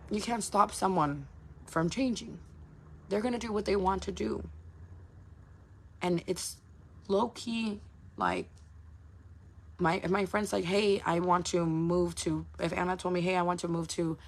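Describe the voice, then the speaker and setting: This female content creator chats frankly with her fans during a livestream, dropping frequent curse words and rapid side comments. She speaks at a medium pitch.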